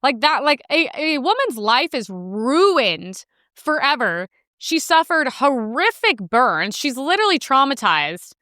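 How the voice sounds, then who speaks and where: A young woman hosts her own commentary show, delivering sarcastic, rambling takes full of fillers. Her voice sits a little high, with a bright, smooth tone, and her pitch swings widely as she talks. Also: very animated, measured pace, no echo, clean studio sound. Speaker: host. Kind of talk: casual commentary reacting to news clips.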